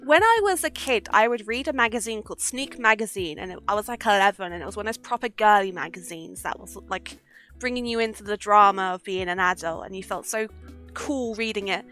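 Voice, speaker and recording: A woman's voice: medium pitch, brisk, pushed and bright, faint music behind. A young woman chatting casually on a livestream, giggly and swearing freely. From Britain. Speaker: streamer.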